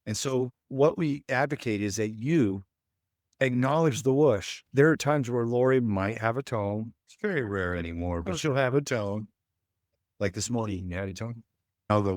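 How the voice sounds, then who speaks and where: A man's voice: mid-range voice, normal speed, darkish tone, no room sound, studio quality. A man leading a relationship workshop, speaking to a live audience in a folksy way and acting out bits of dialogue. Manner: folksy, acts out quoted dialogue. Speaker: relationship coach.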